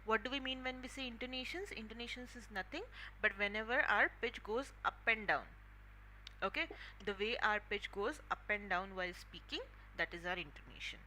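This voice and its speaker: A woman's voice: fairly high pitch, brisk, bright, forceful tone, slight background noise, rough recording. A woman teaching an online English class, explaining things step by step and often checking in with "okay".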